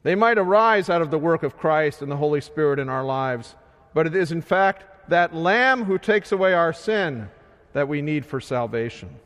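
A man preaching a sermon in a slow, measured way, his voice swelling loud and then sinking soft. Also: fairly high pitch, expressive. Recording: long hall reverb.

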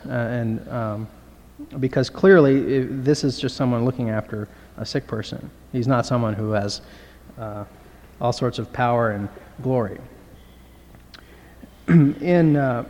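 A man teaching New Testament Greek, talking in a halting way with many fillers and reading the Greek slowly. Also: mid-range voice, long reverb tail.

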